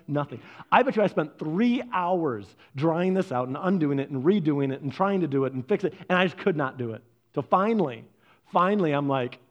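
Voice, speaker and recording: Male pastor, high voice, animated storytelling sermon, dull lo-fi sound. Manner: animated storyteller, acts out his own reactions. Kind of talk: sermon with personal stories.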